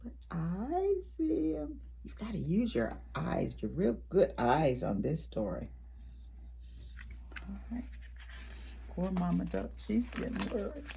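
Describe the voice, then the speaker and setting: A woman reading a picture book aloud at a library storytime for preschoolers, animated, with gasps and whispered asides to the children. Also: lowish voice, unhurried, gravelly, pauses often, a little hiss or hum.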